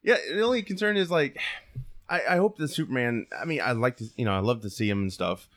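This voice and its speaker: A man at an ordinary middle pitch, talking loosely in a casual chat with friends. He rambles, circling back and restarting his sentences as he goes. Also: fast, fairly bright tone. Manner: rambling, many restarts and fillers.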